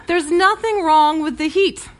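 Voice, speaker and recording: A woman's voice: very high voice, unhurried. A woman preaching a sermon in a conversational, storytelling way, often restarting her sentences.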